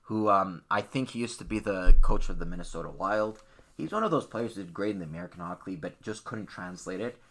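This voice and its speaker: A man's voice: lowish voice, fairly bright tone. A man hosting a sports podcast, talking bluntly and opinionatedly in a ranting, casual way. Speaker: podcast host.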